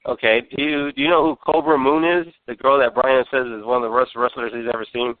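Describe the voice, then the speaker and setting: A man's voice: mid-range voice, fairly even intonation, fairly quick, no room sound. A man hosting a podcast, chatting casually while ranting, rambling and swearing constantly. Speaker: podcast host. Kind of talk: profane casual chat. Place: San Antonio. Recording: phone-line call-in sound.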